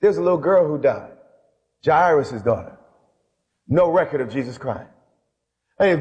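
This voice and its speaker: Male pastor, impassioned sermon, slightly high voice, long reverb. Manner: impassioned, building to cries. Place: church hall with audience.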